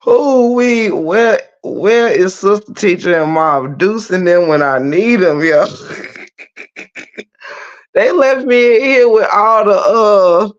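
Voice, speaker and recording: A woman hosting a casual livestream, teasing her viewers, breaking into laughter and loud exclamations. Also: medium pitch, slow, dull audio. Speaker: livestream host.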